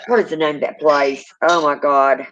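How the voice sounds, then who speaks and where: A woman's voice: deep voice, fairly even intonation, moderate pace, fairly bright tone, muffled recording, slight background noise. A middle-aged woman with a Southern accent, hosting a casual live chat and reading out viewer comments in a folksy, drawling way. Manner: folksy, drawling, calls people honey and y'all.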